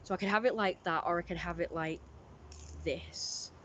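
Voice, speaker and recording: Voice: mid-range voice, normal speed, fairly bright tone, slight background noise. A streamer, rambling through a casual live-stream story with lots of fillers.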